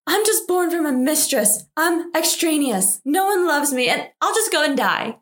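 A woman's voice: high-pitched, expressive, moderate pace, echoey room, voice pushed up. A woman voicing a sulky young woman who snivels and pities herself in a drama recap. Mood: self-pitying. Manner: sniveling, self-pitying. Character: sulky young woman, weepy and self-pitying.

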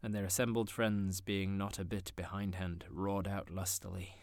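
A man narrating a classic story in an expressive, theatrical manner. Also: deep voice, dry recording, clean studio sound. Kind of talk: audiobook narration.

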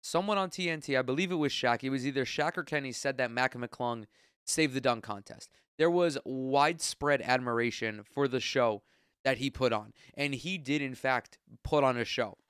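A man's voice: mid-range voice, normal speed, a bit bright, clean tone, no echo, clean studio sound. Blunt, profane man ranting, congested. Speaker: podcast host. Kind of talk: solo sports opinion podcast.

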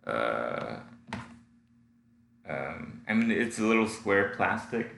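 A man's voice: low-pitched, sing-song, takes it slowly, creaky, a bit bright. A man with a stuffy nose, rambling casually into a home recording setup in his apartment, full of fillers and restarts. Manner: meandering, many fillers and restarts. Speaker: solo audio diarist. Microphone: home recording setup at a computer. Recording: echoey room with faint hum.

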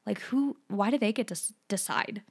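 A woman's voice: mid-range voice, normal speed, slightly rough. A young woman hosting her own podcast, talking casually with strong opinions, rambling a little and laughing often between points. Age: young adult. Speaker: podcast host. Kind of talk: casual solo podcast monologue.

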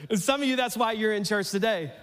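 A man preaching a sermon in a church, playful and animated, his voice climbing almost to a shout as he acts out lines. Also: sits high, big-room sound. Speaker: pastor.

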